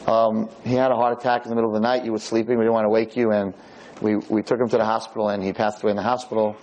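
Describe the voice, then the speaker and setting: A man voicing a kind, flustered female nurse who speaks in a hesitant, halting, soothing way, with a husky voice. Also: fairly low pitch, level tone, darkish tone, highs cut off, voice pushed down, lightly acted.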